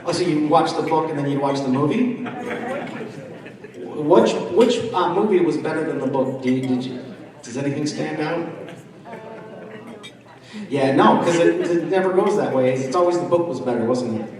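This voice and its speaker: A man's voice: a little high, normal speed, pauses often, darkish tone. A man from the East Coast of the United States doing stand-up comedy at a dinner and chatting with the crowd. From East Coast of the United States, around Washington, D.C. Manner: chatty crowd work, often asking the audience questions. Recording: echoey hall, voice from far off.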